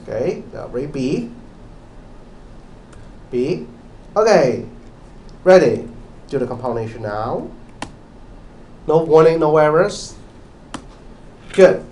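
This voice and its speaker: In a reverberant lecture hall, captured by a far-off mic with slight background noise, a male university lecturer teaches programming. His somewhat high, mellow voice swings widely in pitch, moving slowly with frequent pauses, as he repeats himself, questions students and says "okay?" often.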